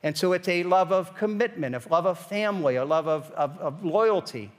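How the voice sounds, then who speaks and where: A man's voice: high voice, moderate pace, long reverb tail. A man preaching a sermon as pastor, in a conversational style that builds to emphatic questions.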